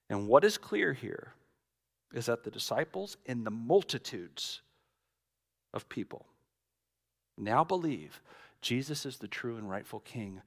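A middle-aged man, a pastor preaching a sermon with dramatic storytelling, swinging from loud to hushed. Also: medium pitch, gravelly.

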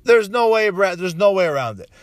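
A man delivering a profane, animated political rant, tagging his points with "right?" and restarting sentences. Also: high voice, quick pace, no room sound. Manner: frequent "right?" tags and restarts. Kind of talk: casual political monologue.

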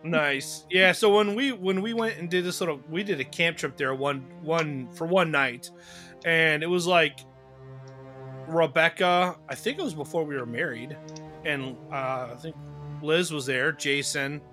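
A man's voice: on the high side, a little slow, sharp tone, soft background music. A man hosting a podcast in casual conversation, chatty and rambling with fillers. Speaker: podcast host.

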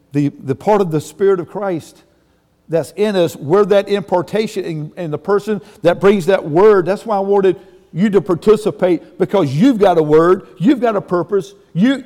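A man delivers a sermon in a folksy, emphatic preaching manner, breaking into sudden exclamations. His voice sits high. The sound carries a long reverb, as if recorded in a large church hall. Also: darkish tone. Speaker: pastor.

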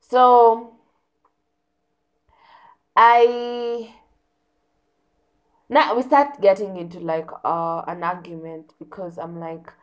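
A young woman telling a story in a casual, animated rant, repeating words for emphasis. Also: medium pitch, slow pace, pauses often.

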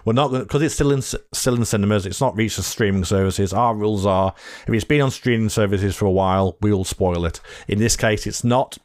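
A man's voice: fairly low pitch, brisk, a little mellow, no room sound, clean studio sound. A British man co-hosting a podcast, chatting casually about films, swearing freely and rambling with restarts. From Britain. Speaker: podcast co-host. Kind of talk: casual film chat.

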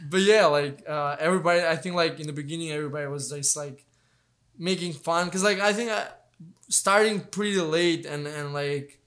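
A man's voice: on the high side, moderate pace, a bit bright. Young man telling stories with many restarts. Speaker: guest, fighter. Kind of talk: casual interview chat.

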